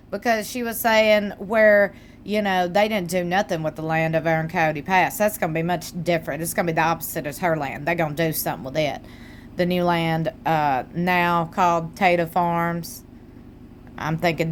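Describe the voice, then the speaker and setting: A woman's voice: fairly high pitch, fairly bright tone, slight background noise. A woman giving a chatty, sassy recap of a reality show, talking straight to her viewers. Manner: chatty, sassy, gossipy, addresses viewers as y'all. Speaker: recap host. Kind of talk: casual TV recap commentary.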